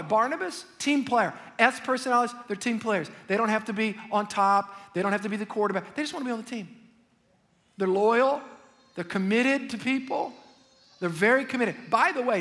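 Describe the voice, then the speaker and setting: A male pastor preaching a sermon in an animated, joking way, talking straight to the congregation. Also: high voice, creaky, big-room sound. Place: church sanctuary.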